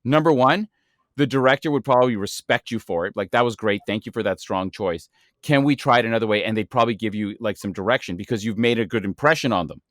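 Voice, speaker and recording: A man's voice: lowish voice, fast talker, a bit bright, no echo. Brief: male host, encouraging acting coach tone, dry close mic. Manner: earnest, encouraging, lesson-wrapping. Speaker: podcast host. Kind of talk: acting-coach podcast talk.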